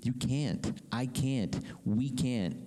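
A man preaching a sermon to a congregation, animated and full of questions to the room. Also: medium pitch, very slow, big-room sound. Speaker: pastor.

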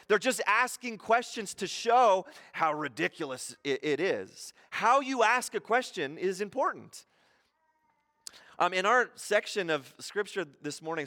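A man's voice: high-pitched, bright, forceful tone, big-room sound. A man preaching a sermon in a church in a conversational, playful way, full of rhetorical questions. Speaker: pastor. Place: church hall.

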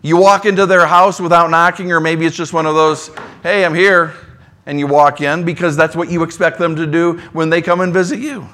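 A man's voice: steady tone, a little fast. Conversational man preaching a sermon. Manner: conversational, swings between soft low asides and emphatic lines. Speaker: pastor.

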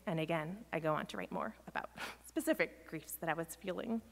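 A woman pastor giving a sermon in a reflective, measured way, pausing often. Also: low-pitched, big pitch swings, vocal fry. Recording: long reverb of a large hall.

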